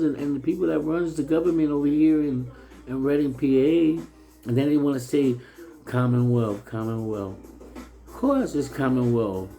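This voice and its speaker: A man's voice: medium pitch, vocal fry, mellow, poor audio. A man from New City, ranting heatedly in a repetitive, stammering, profane way about his town. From New York City. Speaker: local resident. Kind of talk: casual ranting monologue.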